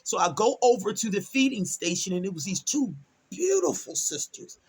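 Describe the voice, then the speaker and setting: A woman's voice: mid-range voice, moderate pace, breathy edge. A middle-aged woman from Delaware, telling a personal story in a casual, chatty vlog style, acting out what people said with emphatic exclamations. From Delaware, USA. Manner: animated, chatty, acts out quotes with emphatic exclamations. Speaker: storytime vlogger.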